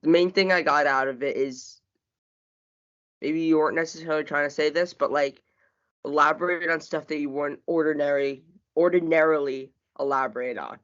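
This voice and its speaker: A man's voice: fairly high pitch, fairly even intonation, moderate pace, fairly bright tone. A man answering as a student in a tutoring session, hesitant and full of fillers. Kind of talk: casual classroom talk. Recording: dull lo-fi recording.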